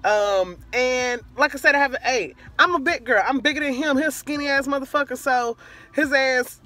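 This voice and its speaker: A woman's voice: sits high, moderate pace, pushed and bright. A young woman vlogger telling a rambling, profane storytime rant, drifting off track and back. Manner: rambling, profane, easily sidetracked.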